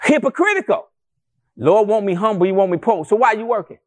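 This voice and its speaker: A male pastor preaching a sermon to a congregation in a church, animated and conversational, with rhetorical questions and calls to the congregation. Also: high-pitched, fast talker. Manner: addresses the congregation as family, calls for responses.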